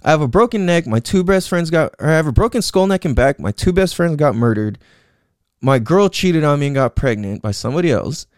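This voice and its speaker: A man's voice: on the high side, expressive, a little fast, no room sound, clean studio sound. A young man in his twenties telling his life story in a loose, rambling monologue, swearing often and leaning on "like" and "you know what I'm saying".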